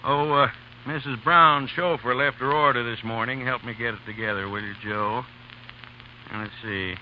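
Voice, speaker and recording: Radio ad: man as a chatty corner grocer, mid-pitched. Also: steady tone, normal speed, pushed and bright, rough recording. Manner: chatty, folksy. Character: friendly middle-aged corner grocer. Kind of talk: 1930s radio commercial sketch. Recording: hissy old radio broadcast.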